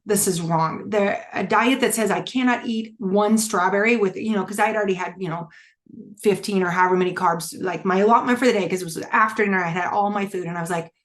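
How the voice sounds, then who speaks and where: A middle-aged woman coaching a wellness challenge, talking candidly and casually with many fillers and restarts. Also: medium pitch. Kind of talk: casual teaching talk.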